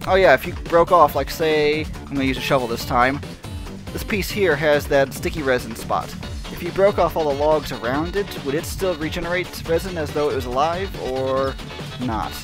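A man's voice: a little high, moderate pace, over music. Rambling man narrating his gameplay. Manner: rambling, self-mocking, laughs often. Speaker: gaming channel host. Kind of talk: casual gameplay commentary.

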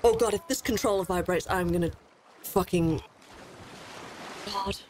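A woman commenting on her gameplay as a let's play host, excitable and jumpy, swearing often. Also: medium pitch, a little slow, a little hiss or hum. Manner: excitable, swears a lot, jumpy and easily scared.

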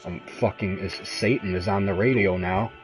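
A young man commenting live on a horror game, jumpy and profane, moving between hushed muttering and high-pitched yelps. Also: fairly even intonation, moderate pace, music in the background, poor audio. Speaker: gaming host playing a horror game.

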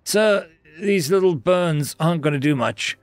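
A man's voice: fairly high pitch, expressive, a little slow, faint music behind, pitched above the performer's own voice. Man doing a breezy tough human soldier. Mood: casual. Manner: casual, shrugging, folksy. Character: cheerful, tough, reckless human male soldier.

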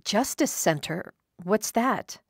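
A woman's voice: medium pitch, animated, creaky, husky, no echo, clean studio sound, heavily acted. A woman reading a bewildered older woman. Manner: bewildered, hesitant, slow. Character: confused older woman, injured amnesiac patient.

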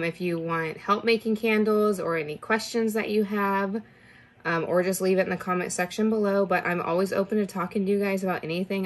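A young woman giving a casual, rambling tour of her basement candle studio, chatty and full of fillers, a little out of breath. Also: medium pitch. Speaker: candle business owner.

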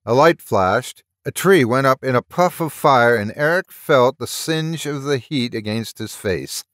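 A man narrating a horror story at a steady, measured pace, close to the mic. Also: mid-range voice, no room sound. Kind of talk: audiobook reading of a story.

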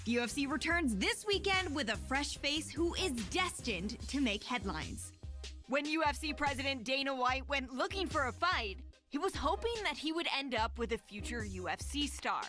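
A woman's voice: sits high, expressive, moderate pace, bright, forceful tone, faint music behind. A woman voicing a video game's sports news presenter who reads a short scripted update in a polished broadcast manner. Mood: upbeat. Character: upbeat female fight-news presenter.

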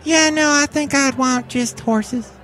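Rodeo queen, a man in falsetto: shrill, high, twangy and folksy. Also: a little slow, a bit bright, faint music behind. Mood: chipper.

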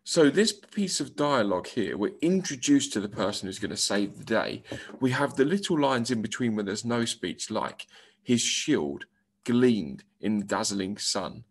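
A man's voice: mid-range voice, expressive, moderate pace, slight background noise. A male primary school teacher giving a recorded English lesson, explaining step by step and reading example lines aloud.

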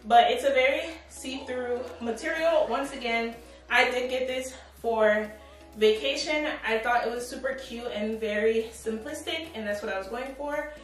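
A woman with a slightly high voice talks through a clothing haul in a loose, chatty way, peppering her sentences with fillers. She is recorded on a tripod camera in a reverberant room, with faint background music under her voice. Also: normal speed. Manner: chatty, upbeat, lots of "like" and "but yeah". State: out of breath. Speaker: fashion vlogger. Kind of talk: casual try-on haul chat.

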